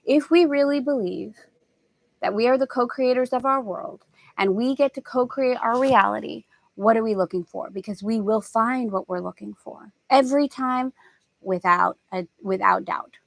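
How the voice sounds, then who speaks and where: Animated middle-aged woman, dry close sound. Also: a little high, normal speed, creaky, dry recording. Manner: animated storytelling, acting out family voices. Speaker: host. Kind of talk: spiritual lesson talk.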